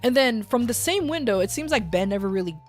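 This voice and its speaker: A woman's voice: a little high, fast talker, faint music behind. A woman streamer casually telling a long story, rambling with many fillers and restarts. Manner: rambling, filler-heavy, animated retelling.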